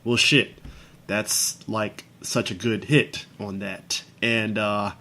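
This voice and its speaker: A man's voice: fairly low pitch, fairly even intonation, takes it slowly, pushed and bright. A man co-hosting a casual podcast chat about films, laid-back, swearing freely and laughing often. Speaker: podcast co-host.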